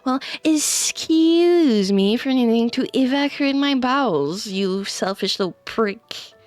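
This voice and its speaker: A woman voicing an indignant, snippy young male villain, loud and drawn-out. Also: a little high, animated, no echo, voice pushed up.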